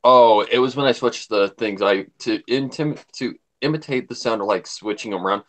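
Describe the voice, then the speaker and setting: A man's voice: mid-range voice, moderate pace. A man chatting casually on a livestream, a voice actor who jumps between voices to demonstrate them.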